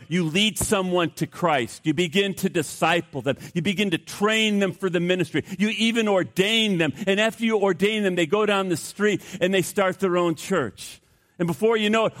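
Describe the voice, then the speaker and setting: A male pastor preaching a sermon, swinging between loud outbursts and hushed asides, with rhetorical questions and repeated words. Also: high-pitched. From United States.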